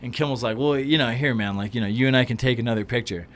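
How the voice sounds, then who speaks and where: Fast-talking man telling a story. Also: mid-range voice, a little hiss or hum. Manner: animated anecdote-telling, acts out quotes. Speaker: podcast guest, actor. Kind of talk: casual storytelling.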